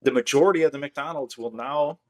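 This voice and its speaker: A man's voice: medium pitch, a little fast, a little mellow. A man hosting a podcast, chatting casually and telling rambling stories full of fillers. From Michigan. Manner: rambling storyteller, many fillers. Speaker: podcast host. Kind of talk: casual chat.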